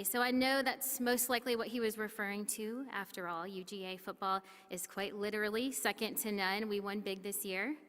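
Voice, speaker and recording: A woman delivering a formal commencement speech in an earnest, measured way. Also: medium pitch, fairly bright tone. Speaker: commencement speaker. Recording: long reverb of a large hall.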